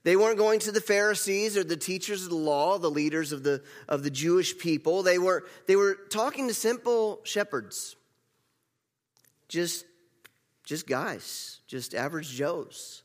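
A man's voice: high-pitched, a little slow. A male pastor giving a conversational sermon, repeating phrases for emphasis. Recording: long reverb of a large hall.

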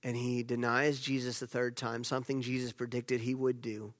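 A male pastor preaching a sermon as a storyteller, with loud emphatic moments and hushed, near-whispered passages. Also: mid-range voice, little pitch movement, normal speed, hardly any pauses. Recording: long hall reverb.

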